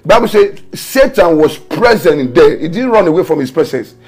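A man's voice: a little high, animated, brisk, a little mellow, slightly rough. A man pastor preaching an online morning prayer sermon, fervent, mixing tongues and repeated decrees with stories. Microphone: home camera setup for an online broadcast.

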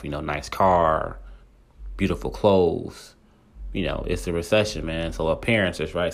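A man with a very deep, low voice tells a long story in a loose, casual way. He circles back often and fills gaps with "you know" and repeated words. It sounds like an unscripted podcast monologue. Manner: rambling, many fillers and restarts. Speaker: podcast host.

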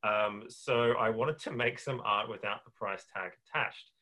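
A man's voice: fairly low pitch, measured pace, sharp tone, low-quality recording. A man hosting an interview in a casual, chatty way with lots of fillers. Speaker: podcast host. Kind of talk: conversational interview.

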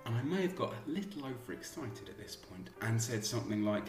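A man's voice: mid-range voice, sing-song, a little fast, darkish tone, roomy sound, soft background music. A man telling a story in a dry, wry, scripted way. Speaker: podcaster and journalist.

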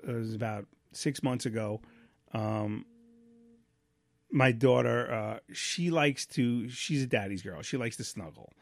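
Here a dad of young children co-hosts a relaxed family-life podcast chat, his medium-pitched voice unhurried and recorded dry. He tells his stories bluntly and meanders, restarting often, leaning on fillers and swearing casually.

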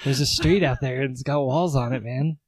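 A man co-hosting a podcast, laid-back, cracking deadpan jokes and laughing often. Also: mid-range voice, fairly quick, dry recording. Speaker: podcast co-host. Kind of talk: casual chat.

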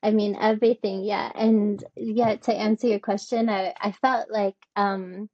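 A woman's voice: flat delivery, a little slow, no room sound. A woman, a podcast guest, telling a personal story in an emotional, rambling way, full of "like" fillers. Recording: dull, dry low-fi audio.

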